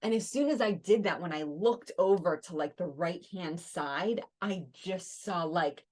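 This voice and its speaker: A woman co-hosting a podcast, telling a personal story in a casual, animated way, often saying "like". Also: on the low side, a little slow. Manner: animated, heavy use of "like", frequent restarts. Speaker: podcast co-host.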